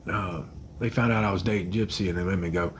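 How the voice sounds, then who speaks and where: A man in his thirties hosting a phone livestream, answering viewer comments in a hesitant, soft-spoken way with many fillers and quiet trailing murmurs. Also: deep voice, fairly even intonation, fast, slight background noise, poor audio. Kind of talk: casual livestream chat.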